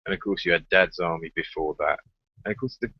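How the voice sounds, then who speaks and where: A man's voice: sits low, fast, husky, dull audio. A man, trading jokes and teasing banter in a casual chat. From England.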